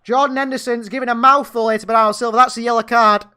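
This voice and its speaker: A man's voice: very high-pitched, fairly even intonation, quick pace, bright, forceful tone, clean tone. A man giving partisan live fan commentary on a football match, calling the play and venting at the referee. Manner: partisan, indignant outbursts at the referee.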